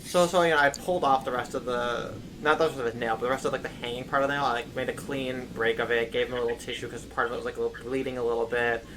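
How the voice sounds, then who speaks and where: A man's voice: medium pitch, steady tone, rapid-fire, few pauses, noisy background. A young man chatting casually, telling rambling stories full of "like" and "right?". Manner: rambling storyteller, many filler likes and rights. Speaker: English teacher of young kids; stream co-host. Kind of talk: casual chat.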